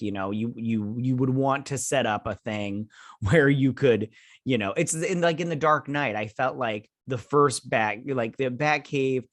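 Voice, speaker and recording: A man's voice: medium pitch, fairly bright tone, dry recording, studio quality. Rambling man recapping a TV episode. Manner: rambling retelling, many fillers like "like" and "he's all like"; frank, swears freely. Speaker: show host reviewing a TV episode. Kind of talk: casual recap and review.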